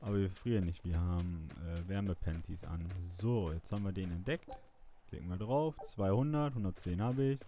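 A man's voice: low voice, fairly quick, dark tone, slight background noise. A man with a German accent giving joking, chatty commentary while playing a game. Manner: joking, chatty, mutters to himself. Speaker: let's play host. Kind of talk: casual gameplay commentary.

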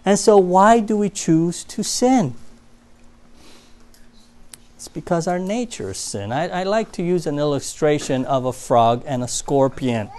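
A man preaching a sermon in a church, telling stories and swinging from loud emphasis to quiet asides. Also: a little high, animated, measured pace.

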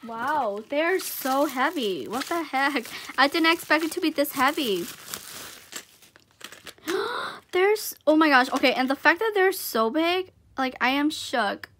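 A woman's voice: high-pitched, animated, unhurried, hardly any pauses, fairly bright tone, a little hiss or hum. A young woman gushing and giggling as she unboxes gifts in a casual vlog.

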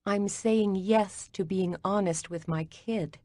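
A woman narrating a first-person mystery audiobook in an even, measured way. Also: mid-range voice, no echo, studio quality.

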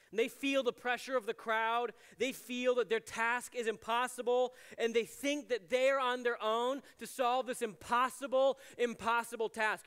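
A man's voice: extremely high pitch, a bit bright, smooth. A man giving a casual, conversational sermon as a chapel ministries director, chatty with many "like" fillers and playful asides. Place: university chapel. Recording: long hall reverb in a chapel.

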